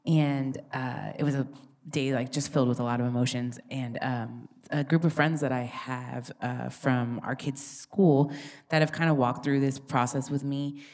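A middle-aged woman sharing a personal story with a group, soft and earnest, pausing with fillers. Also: very deep voice, fairly even intonation.

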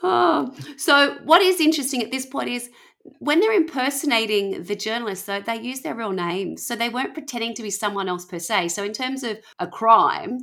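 Bright-voiced woman telling a story. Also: a little high, moderate pace, creaky. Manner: chatty, laughs often, acts out quoted people. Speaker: podcast host telling a story. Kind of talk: casual storytelling chat.

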